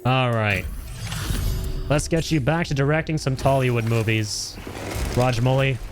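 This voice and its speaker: A man's voice: medium pitch, unhurried, over music. A young man of Indian origin giving casual, chatty commentary while streaming a game and greeting his chat.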